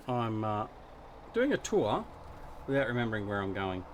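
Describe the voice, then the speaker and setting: A man's voice: on the low side, big pitch swings, unhurried, creaky, slight background noise. Chatty Australian man hosting a livestream. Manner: chatty, greets viewers by name, self-deprecating. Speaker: livestream host. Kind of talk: casual gaming livestream chat.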